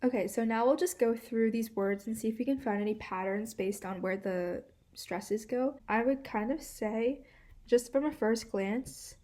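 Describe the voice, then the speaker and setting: A woman's voice: a little high, normal speed, dark tone. A woman hosting a walkthrough of a linguistics puzzle, explaining in a casual, hedging way full of "like" and "kind of.". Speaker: host.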